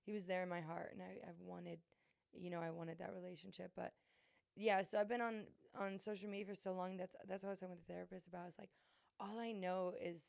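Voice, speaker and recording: A woman's voice: on the low side, flat delivery, quick pace, vocal fry, darkish tone, dry recording, studio quality. A young adult woman hosting a podcast, talking candidly and earnestly about her struggles, with many fillers and restarts. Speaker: podcast host. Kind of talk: candid confessional chat.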